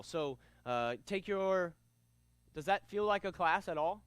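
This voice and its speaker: A man teaching a kids' karate class, energetic and upbeat, leading commanding call-and-response drills. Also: high-pitched, a little slow, clear, resonant tone, dry recording. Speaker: karate instructor.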